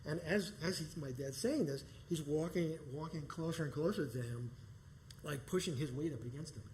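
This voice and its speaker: Guy spinning a wild story on stage, kinda high voice, swears a lot, laughs a bunch, faint room hum behind. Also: moderate pace, low-quality recording. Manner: animated, profane, laughing often. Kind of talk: live personal storytelling. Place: performance space stage.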